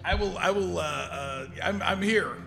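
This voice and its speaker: A man playing a tabletop game who stammers and talks in an animated way. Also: sits high, unhurried, gravelly, music in the background. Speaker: player.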